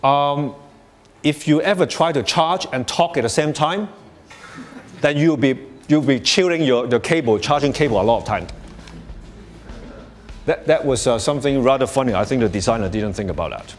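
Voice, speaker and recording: A man's voice: mid-range voice, moderate pace, long pauses, soft background music. Chatty man giving a workshop talk. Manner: conversational, frequent restarts and "you know"; chuckles often while explaining. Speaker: workshop speaker. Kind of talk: live workshop presentation. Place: workshop space before an audience.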